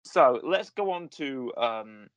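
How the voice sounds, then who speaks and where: A man's voice: mid-range voice, animated, slow pace, no echo, muffled recording. A British man co-hosting a casual chat, rambling and jokey, often hesitating while he hunts for a word. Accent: British English. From England. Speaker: podcast co-host.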